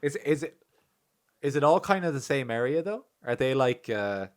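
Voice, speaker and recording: A man's voice: mid-range voice, lively intonation, moderate pace. A young man co-hosting a casual podcast, teasing his friend and laughing often. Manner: teasing, laughs often, laid-back asides. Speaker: podcast co-host.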